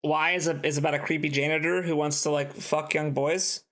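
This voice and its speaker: Man, podcast co-host, fairly high voice, casual rambling chat about movies, animated retelling. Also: fairly quick.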